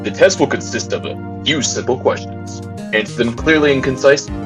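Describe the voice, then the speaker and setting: A man voicing a stern elderly judge in formal, measured speech while reading a game aloud. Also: medium pitch, natural voice. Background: game music.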